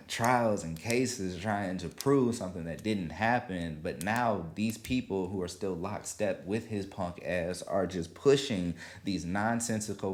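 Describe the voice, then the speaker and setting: A man hosting a solo podcast, talking in casual, animated commentary, swearing freely and acting out quotes. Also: low-pitched. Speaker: podcast host.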